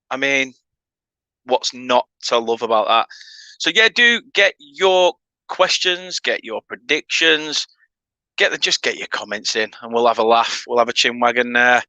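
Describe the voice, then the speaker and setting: A man's voice: mid-range voice, sharp tone, no echo, poor audio. A man hosting a casual live football watchalong, chatting and reading out viewer comments. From England. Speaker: livestream host.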